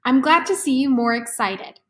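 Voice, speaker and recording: A woman voicing a kind, gently scolding mother in a storybook read-aloud. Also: high voice, animated, moderate pace. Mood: gentle.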